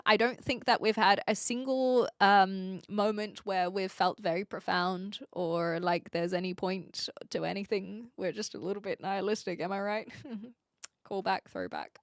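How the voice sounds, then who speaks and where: A woman's voice: medium pitch, measured pace, no room sound, clean studio sound. A woman, streaming and chatting casually as she reads viewer comments, rambling and playful with frequent giggles.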